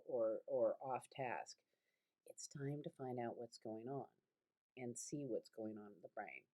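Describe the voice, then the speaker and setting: Low-voiced middle-aged woman lecturing casually. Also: dark tone. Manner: rambling, conversational, with many fillers and restarts. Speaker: college instructor. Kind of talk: recorded online lecture. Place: her family home.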